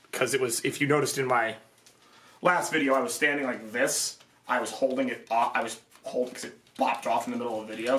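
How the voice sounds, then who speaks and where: A young man reviewing a product and ranting in exasperation, his voice jumping high in disbelief as he swears. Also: fairly bright tone, reverberant, far from the mic, a little hiss or hum. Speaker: armor reviewer.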